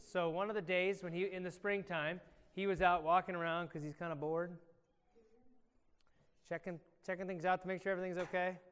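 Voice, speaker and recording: A man, a pastor, telling a Bible story to children in an animated way and quizzing them by name. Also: high voice, brisk, clear, resonant tone. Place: church. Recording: echoey church hall.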